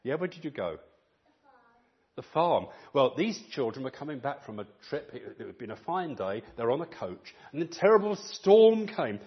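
Animated preacher, husky and lively. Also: male voice, medium pitch, normal speed, dull audio. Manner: animated storytelling, acts out quoted voices. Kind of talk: sermon.

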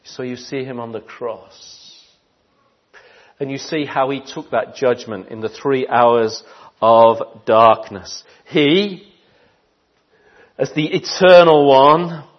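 A man preaches a sermon in an unhurried, deliberate way, with a mid-range voice. He swings from loud, ringing declarations down to hushed, almost whispered passages. The recording sounds dull and lo-fi. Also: medium pitch.

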